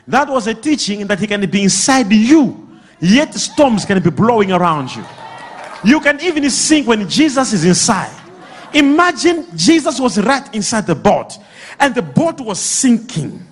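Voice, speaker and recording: A man preaching a sermon to a congregation, drawing replies from the crowd and breaking into shouts and laughter. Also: high-pitched, slightly rough. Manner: animated, bursts into shouts and laughter. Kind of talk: sermon with call-and-response.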